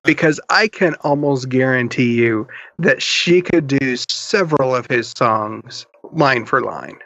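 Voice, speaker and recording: A man co-hosting a casual comedic podcast, making slow, measured remarks. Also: medium pitch, a bit bright. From Utah. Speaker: podcast co-host. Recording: dry, slightly muffled lo-fi mic.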